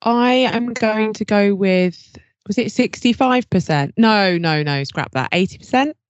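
A woman's voice: mid-range voice, measured pace, dry recording, muffled recording. A woman co-hosting a podcast who takes part in a quiz and reacts expressively. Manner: expressive, reacts with gasps and laughs. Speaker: podcast co-host and quiz contestant. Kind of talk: casual podcast chat.

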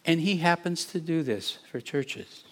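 A male pastor telling a story in a sermon, animated, chuckling often, and repeating words as he goes. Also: on the high side, measured pace.

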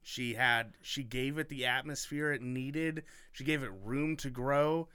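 A man's voice: medium pitch, steady tone, a little slow, sharp tone, smooth, no echo, studio quality. A man hosting a podcast in casual chat, rambling, self-mocking and enthusiastic. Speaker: podcast host.

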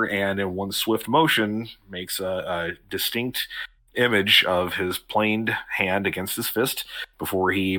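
A man narrating as game master of a tabletop role-playing game over a video call, unhurried, with frequent fillers and restarts. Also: deep voice, sharp tone.

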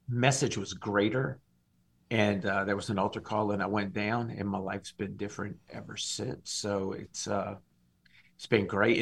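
Man, Louisiana, podcast guest, testimony, bright husky voice, animated storyteller. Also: fairly low pitch. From Louisiana, USA. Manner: animated storyteller, acts out dialogue. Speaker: guest, singer and minister.

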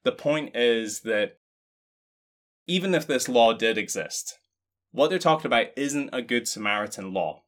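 A man's voice: mid-range voice, animated, a little slow, fairly bright tone. A man co-hosting a casual discussion, explaining points in a wry, joking way. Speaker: podcast co-host.

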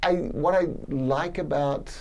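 A man's voice: a little high, takes it slowly, darkish tone, dull audio. A middle-aged man from Australia with an Australian accent, a plant biology professor chatting in an interview, laughing often and restarting his sentences. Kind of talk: relaxed interview conversation.

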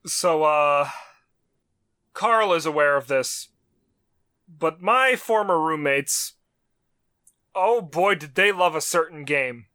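A man's voice: on the high side, takes it slowly, pauses often, sharp tone, clear, resonant tone. A man co-hosting a podcast, chatting in a playful, teasing way. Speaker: podcast co-host. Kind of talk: casual banter.

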